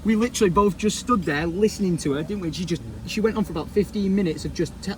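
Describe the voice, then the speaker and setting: Brief: fired-up man, high voice, venting a story outdoors, heavy wind and background noise. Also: fast talker. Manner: indignant, animated retelling. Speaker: vlog companion. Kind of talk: casual storytelling chat. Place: outdoors by a canal.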